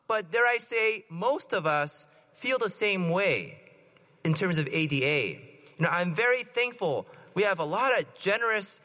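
A man's voice: high-pitched, bright, forceful tone. A man, a priest, giving a playful sermon and quizzing the congregation with jokes. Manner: playful, joking and asking the congregation questions. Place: church. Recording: long hall reverb.

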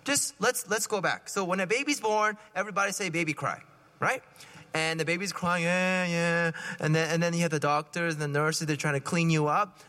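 A man preaching a sermon in a conversational, animated way, acting out little scenes as he talks. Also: fairly high pitch, brisk. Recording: reverberant hall.

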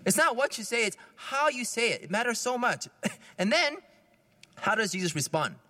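Priest giving a chatty homily, high and bright voice, long church echo. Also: male voice, moderate pace. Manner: conversational, lively, often laughing.

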